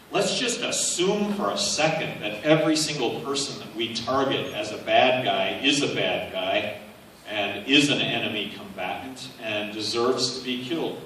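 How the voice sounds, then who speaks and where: A man delivers a relaxed, story-driven campaign speech, leaning on "uh" as he goes. His voice sits a bit low. It reaches the mic from far off in a very echoey hall, with faint noise underneath. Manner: conversational, anecdotal, frequent "uh" fillers. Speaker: political speaker. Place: large university hall. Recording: echoey hall, picked up from afar.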